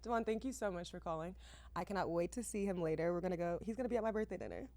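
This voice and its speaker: A woman in her thirties hosting a podcast, chatting casually in a lively, slangy, exclamatory way. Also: lowish voice, racing, dry recording. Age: 30s. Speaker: podcast host.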